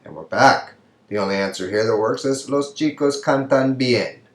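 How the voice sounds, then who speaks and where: A man teaching a recorded Spanish lecture, walking through exercises patiently and often checking with "right?". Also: medium pitch. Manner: patient, asks "right?" often, pauses for students. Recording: echoey room sound.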